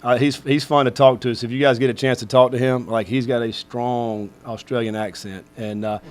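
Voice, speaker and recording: A man's voice: medium pitch, flat delivery, a little fast, a little mellow. A middle-aged man, a head football coach, answering questions at a press conference in a rambling way full of fillers.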